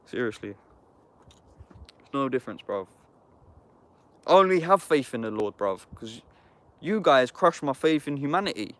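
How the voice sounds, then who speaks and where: A man's voice: medium pitch, sing-song, a little slow, pauses often, a bit bright. A man talking in a heated, casual livestream chat. He is blunt and sweary and speaks in an ordinary mid-range voice. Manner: blunt, heated and sweary, saying "bruv" constantly.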